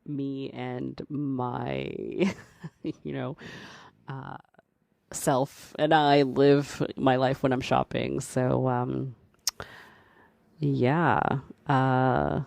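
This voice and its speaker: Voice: mid-range voice, little pitch movement, drawn-out words, vocal fry, pauses often, darkish tone, no echo. A podcast host telling a personal story in a casual, rambling way, full of "like" and "you know" and frequent laughs. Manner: chatty, heavy use of "like" and "you know"; laughs often while talking.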